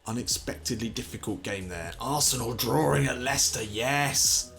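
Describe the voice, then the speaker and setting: A young man commentating his own football video game, getting excited and swearing when things go wrong. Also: medium pitch, moderate pace, gravelly, faint music behind. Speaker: gaming commentator. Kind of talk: let's play commentary.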